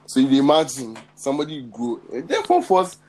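Young guy chatting with friends, animated storytelling. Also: medium pitch, a little fast, a little hiss or hum, poor audio. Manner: animated storytelling in pidgin-laced slang. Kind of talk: casual chat.

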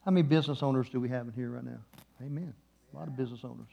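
A man preaching a sermon in a church, moving between hushed, slow passages and loud, passionate peaks. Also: mid-range voice, steady tone, gravelly, highs cut off. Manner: impassioned, swings from hushed to loud. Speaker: guest preacher.

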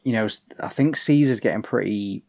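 A man's voice: on the low side, fairly quick, vocal fry, darkish tone. Young man, casual podcast chat, rambling, swears a lot, plays out scenes. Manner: rambling, filler-heavy, swears freely, acts out characters' lines. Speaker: podcast co-host. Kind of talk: casual chat recapping a horror film.

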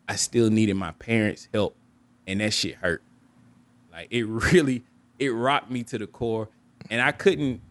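A young man with a low-pitched voice tells a personal story on his podcast in a candid, reflective way. He often repeats and restarts his words. He jumps up in pitch to act out his relatives. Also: dry recording. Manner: candid, reflective, acts out quoted family members with raised pitch. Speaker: podcast host.

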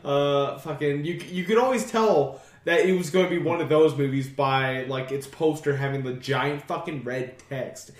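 A man's voice: a little high, normal speed, few pauses. A young man in casual chat, rambling and swearing often. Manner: profane, rambling with fillers. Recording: echoey room.

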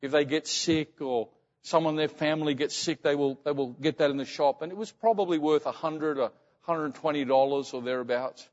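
A man preaching as a pastor, telling a story earnestly, often dropping to a hushed, slow voice. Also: a little high, long reverb tail, dull audio. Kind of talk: sermon storytelling.

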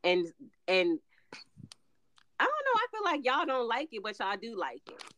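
A woman hosting a casual podcast chat as a mother, talking calmly and steadily and telling stories with frequent "mm-hmm"s. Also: fairly high pitch, no echo. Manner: calm, steady, storytelling, with quick affirmations.

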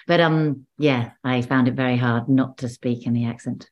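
A woman's voice: extremely low pitch, fairly even intonation, normal speed, lo-fi sound. A woman actor talking casually in an interview over a video call, chatty and full of restarts. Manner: chatty, restarts often, laughs between stories. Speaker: actor and guest.

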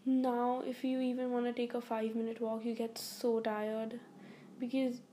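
A woman's voice: fairly high pitch, little pitch movement, moderate pace, warm tone, slight background noise. Groggy teenage girl rambling casually. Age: teens. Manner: rambling, full of fillers and restarts. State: groggy, weak-sounding voice. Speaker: podcast host. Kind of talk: casual solo podcast chat.

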